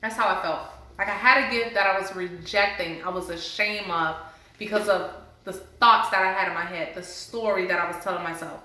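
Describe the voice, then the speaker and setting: A woman's voice: medium pitch, steady tone, a little fast, pushed and bright. A woman sitting before a camera, earnestly telling her personal healing story and encouraging viewers. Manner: earnest, heartfelt, faith-based encouragement. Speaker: vlogger sharing a personal story. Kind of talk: casual testimony to camera. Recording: very echoey room.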